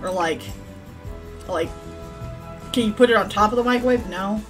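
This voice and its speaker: A woman's voice: mid-range voice, normal speed, music in the background. A woman giving casual, rambling gameplay commentary, swearing freely as she plays. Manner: profane, rambling, chatty. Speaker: gaming channel host.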